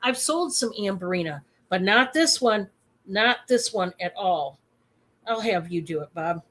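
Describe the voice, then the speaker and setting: Slow, chatty woman selling on a live stream. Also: mid-range voice. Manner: chatty and excitable, many fillers. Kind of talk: casual live-stream sales chat.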